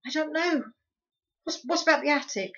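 A woman reading aloud as an eager young boy who trips over his words. His voice is raised, urgent and somewhat high. The recording is dull and lo-fi. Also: normal speed, fairly bright tone. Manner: eager, stammering.

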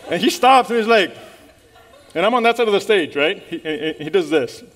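A man preaching a sermon in church, telling a story in an animated way and calling out to the congregation. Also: sits high, normal speed.

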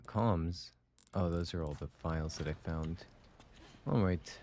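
Slow, low-voiced giggly male streamer. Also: darkish tone, slight background noise. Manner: chatty, giggly, reacts aloud. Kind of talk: live gameplay commentary. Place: home with pet birds chattering.

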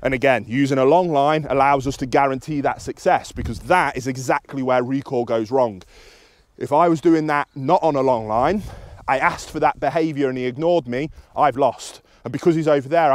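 A British man, a dog trainer, calmly explaining his method to the camera outdoors while he works a dog. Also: a little fast, dry recording. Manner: calm and instructive, with high excited praise to the dog.

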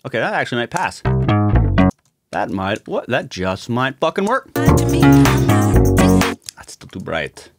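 Mumbling man, casual and gravelly. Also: mid-range voice, very animated, unhurried, pauses often. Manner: muttering to himself, swearing, self-mocking. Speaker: music producer streaming a session. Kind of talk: casual livestream chat while producing. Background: music from the session.

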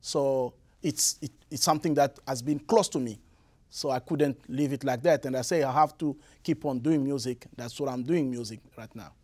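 A young man from the Republic of the Congo with a Congolese French accent, answering interview questions in halting English with many restarts. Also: mid-range voice, darkish tone. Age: young adult. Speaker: guest musician.

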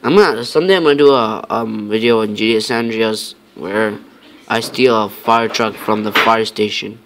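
A man's voice: on the low side, normal speed, a bit bright, slight background noise. A man giving casual, rambling commentary over his own gameplay, talking to himself with many fillers and mock-tough lines.

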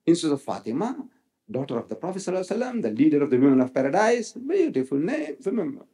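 Older male lecturer, lively, high-leaning voice, rhetorical. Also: rapid-fire. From South Africa. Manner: animated, rhetorical, quotes others in acted voices. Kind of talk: public religious lecture. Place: lecture hall.

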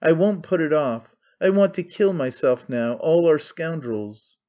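A gloomy, brooding idealist, read by a man, grave and curt, in an audiobook. His voice sits slightly high over a dull, lo-fi recording. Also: animated, measured pace, a little mellow. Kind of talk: audiobook character reading.

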